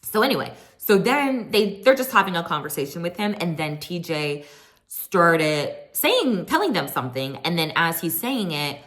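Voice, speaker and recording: A woman recapping a reality TV reunion in a chatty, sassy way, quoting people in animated voices. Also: lowish voice, moderate pace. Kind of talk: casual chat recap.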